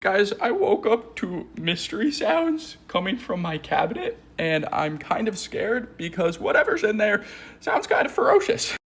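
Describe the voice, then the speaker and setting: Animated guy telling funny stories. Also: high-pitched, a little slow, slightly rough. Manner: animated, exaggerated storytelling. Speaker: storyteller. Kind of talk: comedic storytime monologue. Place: at home in his kitchen.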